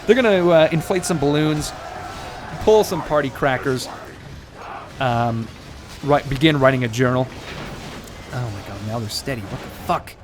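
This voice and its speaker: Dude doing let's play commentary, sarcastic, jokey, swears a lot, rambles. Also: male voice, medium pitch, normal speed, long pauses, over music. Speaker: gaming commentator.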